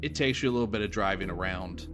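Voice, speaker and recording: A man with a low voice runs a tabletop horror game. He describes places and people at an easy pace, dropping casual fillers along the way. Clear music plays beneath his narration. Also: quick pace. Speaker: game master.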